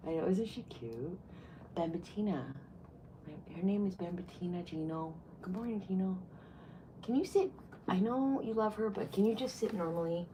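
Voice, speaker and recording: A woman in her fifties chatting casually to camera as a vlogger, loud and playful, with crude jokes and swearing. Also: medium pitch, moderate pace, noisy background. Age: 50s. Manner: loud and playful, swings to loud bursts and whispers.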